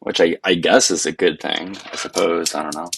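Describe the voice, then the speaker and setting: A man hosting a live debate stream, blunt and quick to cut callers off. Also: low-pitched, fairly even intonation, gravelly, fairly bright tone, slight background noise. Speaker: livestream host.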